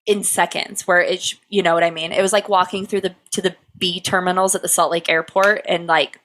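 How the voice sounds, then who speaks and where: A woman's voice: on the low side, little pitch movement, brisk, fairly bright tone. A young woman co-hosting a casual podcast, reading out notes and teasing her co-host, laughing often.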